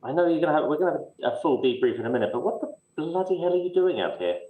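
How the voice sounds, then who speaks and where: A man playing a ship's doctor in a tabletop game, speaking in a halting way with many fillers. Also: a little high, expressive, narrow, tinny audio. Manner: halting, filler-heavy speech. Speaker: player. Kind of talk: in-character tabletop role-play. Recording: echoey room.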